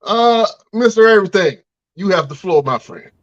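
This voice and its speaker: A man hosts a wrestling podcast with a lively, rather high voice, excitedly egging his guests on. The audio sounds dull and lo-fi. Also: a little fast, dry recording. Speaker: podcast host. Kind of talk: hosting a promo segment.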